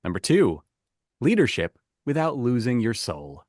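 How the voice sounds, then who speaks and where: A man hosting a podcast quiz game, chatty and quick to laugh as he reads out the options. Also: medium pitch, huge pitch swings, darkish tone, dry recording, clean studio sound. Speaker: quiz host.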